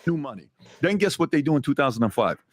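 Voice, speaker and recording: A man with a mid-range voice lays out figures one by one, pausing to pose rhetorical questions before each reveal. The sound is close and dry, with no room around it. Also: mid-range voice, big pitch swings, no echo. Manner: builds points step by step with rhetorical questions. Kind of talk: explanatory podcast talk.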